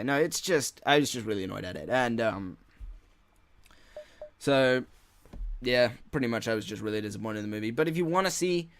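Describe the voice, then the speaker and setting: A man's voice: lowish voice, no echo. Rambling, frustrated man in a dry recording. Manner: rambling, frustrated, heavy swearing and filler words. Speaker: gaming channel host. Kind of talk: casual solo podcast rant.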